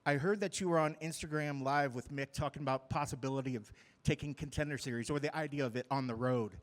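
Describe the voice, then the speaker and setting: A male reporter asking quick, chatty questions at a press scrum. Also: medium pitch. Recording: long hall reverb.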